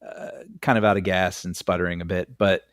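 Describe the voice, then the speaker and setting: A man co-hosting a film podcast in casual chat, giving measured opinions and laughing easily. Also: low voice, flat delivery, dry recording, clean studio sound. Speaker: podcast co-host.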